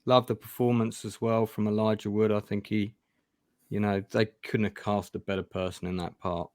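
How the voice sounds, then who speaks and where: A man's voice: fairly low pitch, level tone, moderate pace, darkish tone, dry recording, clean studio sound. A man on a casual panel making short, plain-spoken remarks.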